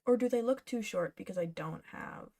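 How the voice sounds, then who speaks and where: A woman's voice: medium pitch, moderate pace, creaky, dark tone. A woman streaming her cosplay patterning work, chatting casually and muttering to herself as she works. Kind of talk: casual live-stream chat while working.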